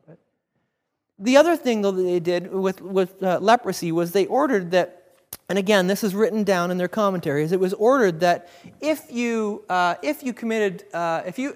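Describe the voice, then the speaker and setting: A man preaching a sermon in an animated way, acting out the voices of biblical figures. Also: high voice. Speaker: pastor. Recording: reverberant hall.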